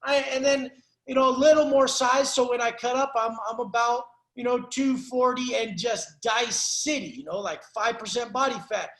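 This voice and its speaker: A man with a very high voice lays down blunt, profanity-laced coaching on a call. He talks in a preachy, no-nonsense way, and the sound rings around an echoey room. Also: steady tone, normal speed, fairly bright tone. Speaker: life coach.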